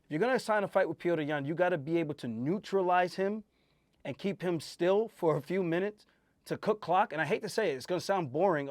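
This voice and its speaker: Host and fighter, male, emphatic and animated, slightly high voice, dry sound, casual fight talk. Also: brisk, no echo. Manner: emphatic, animated, swears freely. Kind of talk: casual fight breakdown chat.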